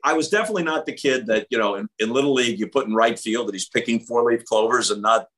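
A man in his seventies from the New York area, a veteran sports broadcaster telling stories as an articulate, animated interview guest. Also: mid-range voice, fast talker, rough recording. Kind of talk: casual interview storytelling.

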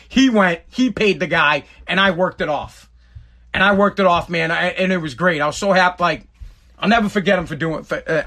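A man telling a personal story in a blunt, profane, animated way. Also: a little high.

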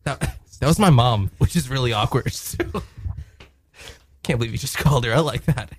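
A man co-hosting a comedic radio show, tossing off self-mocking lines between laughs. His voice is mid-pitched and recorded close and dry in a studio. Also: moderate pace, no room sound.

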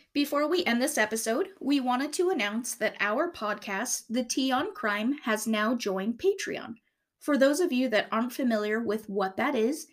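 A woman co-hosting a podcast, telling a story in casual chat and laughing often as she goes. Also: fairly high pitch. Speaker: podcast co-host.

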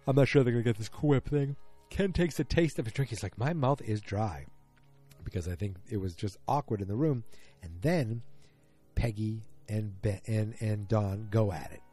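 A man's voice: fairly low pitch, normal speed, dark tone, faint music behind. Rambling man recapping a TV episode. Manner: rambling, many fillers and restarts.

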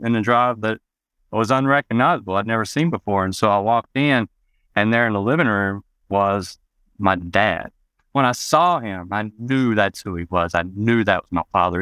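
A man with a fairly low, smooth, resonant voice tells his own story as an interview guest. He talks loosely and reflectively, leaning on "you know" and lifting his pitch to act out quoted lines. The sound is close and dry. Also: a bit bright, no room sound. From Arkansas, USA. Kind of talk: personal storytelling in a podcast interview.

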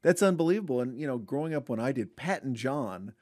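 A man's voice: medium pitch, quick pace, no room sound, clean studio sound. A man who writes about sports media, a podcast guest telling stories and acting out quotes. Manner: animated storyteller who acts out quotes. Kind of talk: casual podcast interview.

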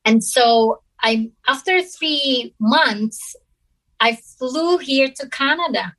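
A woman from the Philippines, telling a personal story to an interviewer in a halting, earnest way with many pauses and restarts. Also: high-pitched, animated, fairly bright tone, low-quality recording. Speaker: interview guest.

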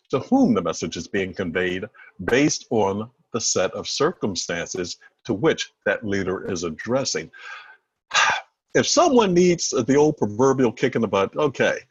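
A man talking as a guest expert over a video call, his delivery lively and swinging in pitch. His voice has a slightly husky edge, and the audio is dry and a bit dull, like compressed call sound. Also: a little slow, no room sound. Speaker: body language and negotiation expert guest. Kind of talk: conversational interview.

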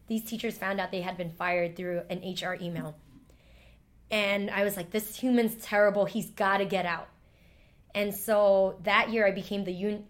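A woman, a former teacher, telling a heartfelt personal story in an interview, emotional and full of "like" fillers. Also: medium pitch.

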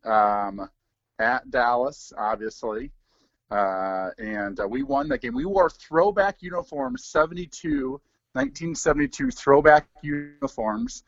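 A man in his forties, a former pro football player, talking through sports in a relaxed, rambling way with many fillers. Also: mid-range voice, a little slow, creaky, no room sound, highs cut off. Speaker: former NFL player, guest analyst. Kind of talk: casual sports talk.

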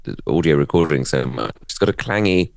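A man's voice: rumbling low, lively intonation, fairly quick, vocal fry, a little mellow. A man co-hosting a podcast in casual chat, making jokey, self-deprecating asides. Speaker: podcast co-host.

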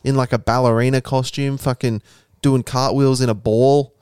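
A man's voice: mid-range voice, level tone, normal speed, darkish tone, smooth, no room sound, studio quality. A young Australian man co-hosting a podcast, telling stories in loose, sweary casual chat. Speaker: podcast co-host.

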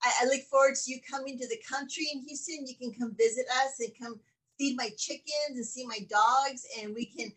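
A woman hosts her own podcast with a high, bright-sounding voice. She is effusive and animated and tells lively stories. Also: fairly quick, low-quality recording. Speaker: podcast host. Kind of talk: casual interview chat.

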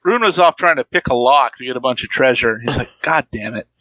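A man's voice: medium pitch, animated, quick pace, sharp tone, no room sound, rough recording. A man co-hosting a casual film review podcast, tossing out sarcastic, profane wisecracks. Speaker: podcast co-host.

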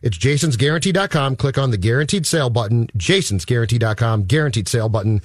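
A man's voice: medium pitch, lively intonation, fast talker, dry recording. A man co-hosting a sports radio show, blunt and opinionated, also doing live ad reads. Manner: blunt, opinionated, salesy on ads. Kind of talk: sports talk radio banter and live ad read. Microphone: studio microphone.

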